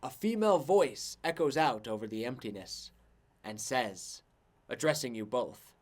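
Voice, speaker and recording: A man's voice: medium pitch, expressive, a little slow. Guy running a tabletop game, rambly, says like a lot. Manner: rambling, lots of "like". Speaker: game master.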